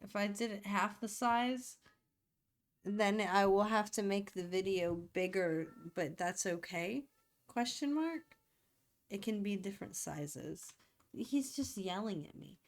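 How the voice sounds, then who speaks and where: A woman streamer talks to her viewers in a slow, unhurried way. Her voice sits at an ordinary middle pitch. She rambles playfully and thinks out loud as she works. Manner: rambling, playful, self-talking while working. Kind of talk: casual live-stream chat.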